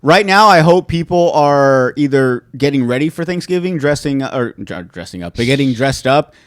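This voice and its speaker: A man hosting a podcast, chatting casually and going off on animated, profane rants. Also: mid-range voice, moderate pace, no echo, clean studio sound. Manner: animated, ranting, swears freely. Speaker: podcast host. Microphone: studio podcast mic.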